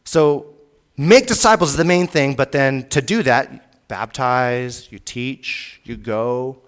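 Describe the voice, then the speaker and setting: Man preaching an emphatic sermon. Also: slow. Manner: emphatic, rises in pitch and volume on key points; teacherly, repeats and restates points. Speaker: pastor.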